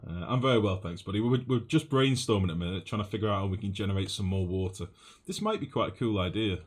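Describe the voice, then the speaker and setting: This young northwest English man has a lowish, slightly rough voice and talks fast. Streaming a game live, he thinks aloud and chats casually with viewers, calling them mate.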